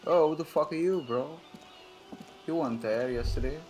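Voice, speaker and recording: A man's voice: on the high side, moderate pace, darkish tone, faint music behind. A young man casually commenting as he plays a video game, thinking aloud in a laid-back, profane way. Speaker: gamer playing through a game. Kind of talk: casual let's-play commentary.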